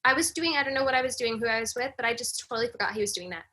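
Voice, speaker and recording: A woman on a podcast, a breathwork facilitator, recounts a personal story in lively conversational fashion. Her voice is bright and a little airy, set fairly high for a woman, and her speech is dotted with "you know.". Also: very fast. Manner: animated, frequent "you know" fillers.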